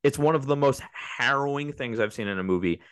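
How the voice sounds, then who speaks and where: A man's voice: medium pitch, brisk, fairly bright tone, clear, resonant tone, dry recording. A man co-hosting a casual movie podcast, rambling through the plot with many restarts and fillers. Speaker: podcast co-host.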